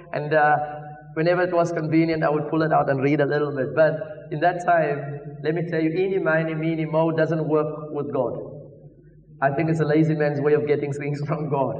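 A South African man preaching with fervour, his high voice dropping to a hush and then rising to a shout. He sounds far from the mic in a big, reverberant church hall. The sound is dull and muffled. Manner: fervent preaching, swinging from hushed to shouted. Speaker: preacher giving testimony. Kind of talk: sermon testimony.

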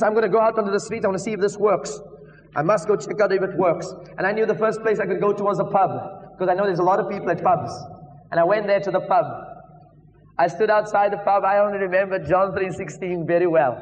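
A man with a South African accent preaching a sermon testimony, swinging from hushed tones to shouting. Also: high voice. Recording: echoey hall, distant muffled mic.

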